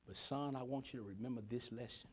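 A man playing a father who talks firmly but gently to his young son. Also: mid-range voice, quick pace, close to an everyday voice. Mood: tender. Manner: firm then gentle, fatherly.

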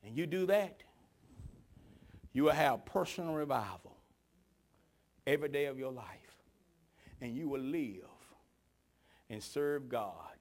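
A man preaching a sermon with dramatic storytelling, moving from hushed whispers to shouting. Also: medium pitch, animated, unhurried, long pauses.

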